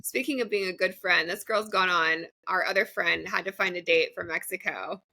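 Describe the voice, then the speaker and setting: A woman's voice: on the low side, normal speed, gravelly, pushed and bright. A young woman co-hosting a podcast, chatting casually and often laughing as she talks. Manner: chatty, laughs while talking. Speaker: podcast co-host. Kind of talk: casual chat.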